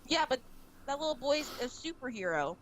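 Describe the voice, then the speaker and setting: A woman's voice: high-pitched, very animated, moderate pace, a little hiss or hum. A woman co-hosting a game stream, dropping dry teasing quips into the chat. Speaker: co-host. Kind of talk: casual gameplay chat.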